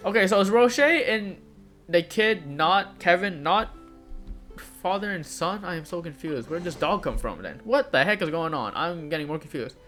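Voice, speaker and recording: Bright high-voiced young man reading game lines. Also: animated, moderate pace, soft background music. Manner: reads character lines aloud with light voicing, laughs and confused asides. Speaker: gamer. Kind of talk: let's play commentary, reading game dialogue aloud.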